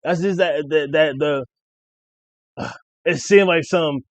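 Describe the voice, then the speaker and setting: A man, rambling casually through a rap battle recap and reciting lines excitedly. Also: takes it slowly, no room sound. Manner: rambling, excited, quotes bars with rising pitch.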